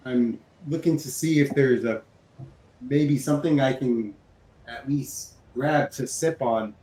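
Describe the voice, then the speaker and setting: Slow, halting man far from the mic. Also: mid-range voice, darkish tone. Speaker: player. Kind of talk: playing a character in a tabletop game. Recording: echoey room, far from the mic.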